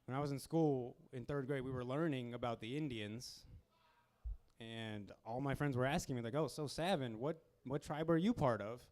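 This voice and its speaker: Young man doing stand-up, casual and deadpan. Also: medium pitch, normal speed. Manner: casual, deadpan asides, acts out customers. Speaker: stand-up comedian hosting a comedy show. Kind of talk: stand-up comedy set. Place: small comedy club, live audience.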